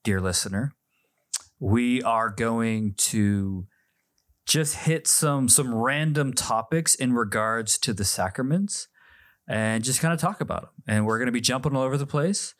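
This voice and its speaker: A man's voice: mid-range voice, a little slow, no echo, clean studio sound. A man hosting a casual podcast chat, playful and fond of wordplay. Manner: playful, wordplay and food banter. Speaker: podcast host.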